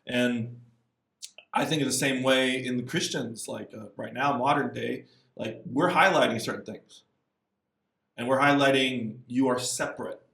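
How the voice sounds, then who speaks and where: A man, a missionary guest, talking casually in an interview, lively and acting out little quotes as he goes. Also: measured pace, vocal fry, echoey room, far from the mic. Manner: animated, acts out voices and quotes with big pitch jumps.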